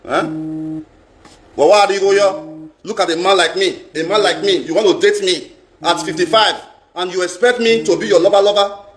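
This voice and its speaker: High-voiced Nigerian man ranting on a live stream. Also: normal speed, pauses often, a bit bright. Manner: emphatic, repeats phrases, mixes in pidgin. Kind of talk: casual live-stream rant. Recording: roomy echo.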